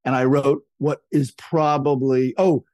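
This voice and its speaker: A man in his fifties telling stories as a podcast guest, lively and casual, acting out what others said. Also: mid-range voice, unhurried, dry recording. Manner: animated storyteller, acts out quotes in a raised voice. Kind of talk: casual storytelling chat.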